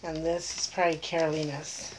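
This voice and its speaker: A woman's voice: sits low, level tone, brisk, noisy background. Gushing, teary middle-aged woman. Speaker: vlogger. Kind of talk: casual unboxing vlog.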